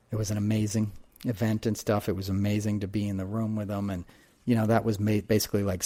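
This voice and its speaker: A man's voice: deep voice, a little mellow, no echo. A man hosting a podcast, telling stories and talking politics in an impassioned, emphatic way, swearing freely. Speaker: podcast host. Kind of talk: casual political monologue and storytelling.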